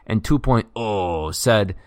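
Male podcast co-host, lowish voice, casual and joking, dry close mic. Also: expressive, a little mellow, no echo. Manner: loose, joking, reads listener write-ins quickly.

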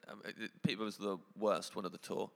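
A man, a comedian, chatting and telling animated stage anecdotes with lots of restarts and laughter in his talk. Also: lowish voice, quick pace, creaky, in a large hall. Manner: animated storyteller, laughing mid-sentence, many restarts. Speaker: comedian guest. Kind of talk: casual chat, telling stand-up anecdotes.

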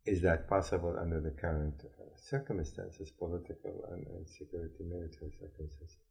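A man's voice: deep voice, steady tone, a little fast, vocal fry, a little mellow. A male interviewer in a news discussion, questioning in a skeptical, emphatic way.

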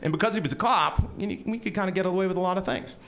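A man telling a personal story on stage in an animated, self-deprecating way with comic timing. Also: sits high, racing, creaky. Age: young adult.

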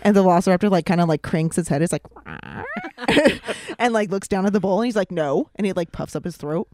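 A woman's voice: fairly low pitch, rapid-fire, slight background noise. Profane, giggly woman podcaster. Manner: animated, profane, laughs often. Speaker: podcast co-host. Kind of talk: casual podcast chat.

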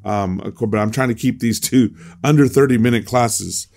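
A man's voice: medium pitch, moderate pace, gravelly, darkish tone. A man teaching a devotional Bible class in a conversational way, often restarting his sentences and reading scripture aloud.

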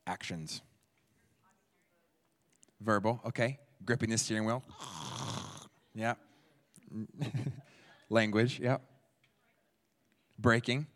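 Low-voiced man teaching in a reverberant church. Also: steady tone, extremely slow, pauses often. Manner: conversational, quizzes the audience and repeats their answers. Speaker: speaker at a church. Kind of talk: interactive teaching talk. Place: church hall. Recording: long hall reverb.

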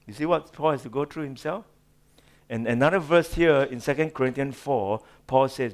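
A male pastor preaching a sermon, swinging from loud, drawn-out phrases to hushed asides. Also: medium pitch.

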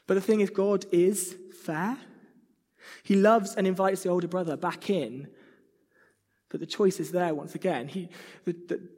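An earnest man preaching a sermon, his slightly high voice a little husky. The sound rings with a long hall reverb, as if in a church. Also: fairly even intonation, unhurried, long pauses, a little mellow. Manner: earnest, acts out whiny child voices.

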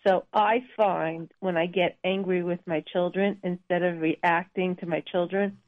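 A woman's voice: on the low side, fairly even intonation, a little slow. A woman phoning in to a radio show, speaking politely and plainly. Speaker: caller. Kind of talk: phone-in caller. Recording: tinny phone line.

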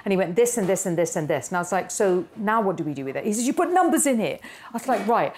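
Fast-talking woman telling her story. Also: lowish voice, a little hiss or hum. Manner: animated, acts out quoted dialogue. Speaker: guest, company founder. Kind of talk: storytelling in a podcast interview.

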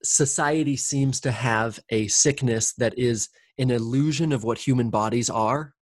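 A man's voice: mid-range voice, unhurried, dry recording. Guy rambling candidly about his life, lots of likes and ums, dry close sound. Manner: rambling, candid, with frequent fillers and restarts; swears casually. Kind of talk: casual reflective conversation.

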